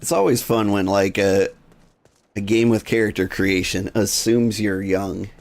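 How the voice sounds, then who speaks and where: A man streaming a game, chatting casually and relaxed with his viewers. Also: on the low side, unhurried. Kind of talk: casual gaming stream chat.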